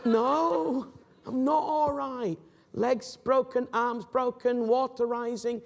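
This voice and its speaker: A man's voice: very high voice, fairly even intonation, takes it slowly, gravelly, exaggerated voice. A man voicing a desperate injured man stuck in a sinkhole, pleading for help. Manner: shouting up, pleading. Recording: long reverb of a hall.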